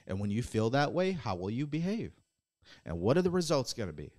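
A podcast host with a medium-pitched, slightly mellow voice sounds very animated and talks a little fast. His motivational monologue is blunt and preachy, with casual swearing and repeated rhetorical questions challenging his listeners.

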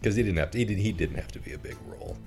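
A man's voice: low voice, lively intonation, racing, gravelly, darkish tone, soft background music. A man co-hosting a casual podcast, talking bluntly about a movie with swearing and wry humor. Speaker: podcast co-host.

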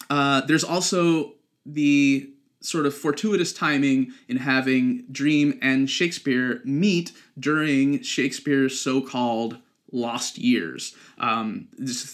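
A man's voice: medium pitch, fairly even intonation, slow pace, fairly bright tone. A young man hosting a podcast, explaining literary details in a casual, chatty way with frequent ums and likes. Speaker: podcast host.

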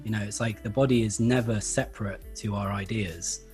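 A man explaining Feldenkrais practice in a relaxed interview, thoughtful and hesitant, with many fillers. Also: on the low side, moderate pace, faint music behind. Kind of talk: conversational interview.

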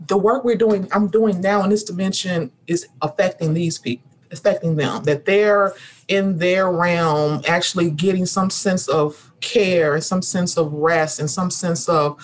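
A woman's voice: on the low side, slight background noise. A woman guest talking in an earnest, reflective way, building her points through repeated rhythmic phrases. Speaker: guest, rest activist. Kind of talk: reflective spiritual conversation.

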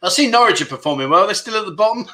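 Man, livestream host, bright tone, slightly high voice, chatty and jokey. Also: lively intonation, racing. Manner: chatty, jokey, self-deprecating, reads comments aloud. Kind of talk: casual chat reading viewer comments. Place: home livestream setup.

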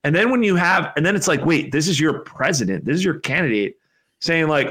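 A man's voice: fairly high pitch, lively intonation, fairly quick, a bit bright, slightly rough. A man hosting a podcast, rambling and exasperated in casual chat. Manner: rambling, exasperated, full of fillers. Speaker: podcast host.

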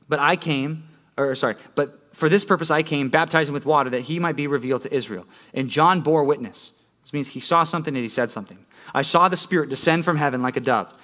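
A man's voice: fairly high pitch, fairly bright tone. A middle-aged pastor, a man, explaining scripture in a sermon, conversational and explanatory, often checking in with listeners.

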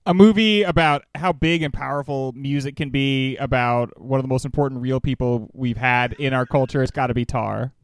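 A man on a comedy podcast panel, making deadpan ironic jokes. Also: mid-range voice, moderate pace, few pauses, clean tone, no room sound. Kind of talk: casual comedic chat.

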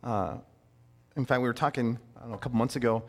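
A man in his thirties preaching a sermon in a conversational, animated way, with playful asides. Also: medium pitch, fast talker, big-room sound. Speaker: pastor.

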